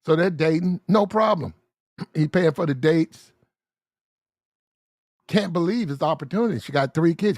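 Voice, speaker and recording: High-voiced man telling a story. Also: normal speed, pauses often, no echo, studio quality. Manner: animated, acts out the characters in the story, clears throat often. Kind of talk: casual storytelling.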